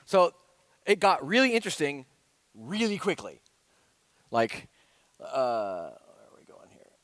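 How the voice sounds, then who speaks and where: A man's voice: on the high side, big pitch swings, measured pace, fairly bright tone, no room sound. A man giving a casual conference talk, rambling and chatty, with many fillers like "uh" and "like". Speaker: conference speaker.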